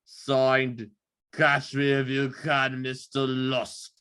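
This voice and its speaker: A man's voice: mid-range voice, monotone, drawn-out words, bright, forceful tone, clear, resonant tone. A man putting on a drunk Cockney killer. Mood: menacing. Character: drunk deranged male Victorian killer, Cockney letter-writer.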